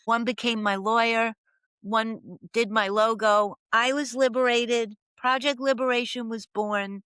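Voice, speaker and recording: Older New woman, podcast guest, vivid storyteller, slightly high, smooth and clear, dry sound. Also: fairly even intonation, measured pace, a bit bright, no echo. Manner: dramatic storyteller acting out quoted voices. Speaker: podcast guest, professional coach. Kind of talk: storytelling interview.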